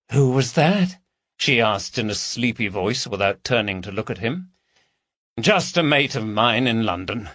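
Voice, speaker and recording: A man narrating a crime audiobook in an expressive, lively reading. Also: on the low side, dry recording.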